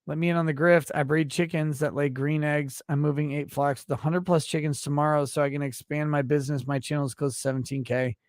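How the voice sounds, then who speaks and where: Man, livestream host, crude and brash, mock-outraged ranting, fairly high voice, dry close sound. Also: level tone, brisk, few pauses, darkish tone, no room sound. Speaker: livestream host reading super chats. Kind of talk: crude comedic livestream banter.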